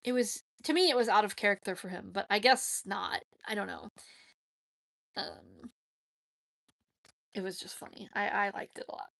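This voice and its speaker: A woman's voice: mid-range voice, moderate pace, creaky, long pauses, a bit bright, no echo. A woman, chatting casually with viewers on a livestream, giggly and rambling. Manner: chatty, giggly, talks to herself. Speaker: livestream host.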